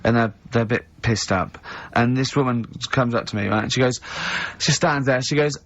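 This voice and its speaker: A man's voice: medium pitch, moderate pace, hardly any pauses, a bit bright. Brief: male radio host, 40s, giggly, teasing storyteller, dull studio sound. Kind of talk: casual chat, anecdote telling.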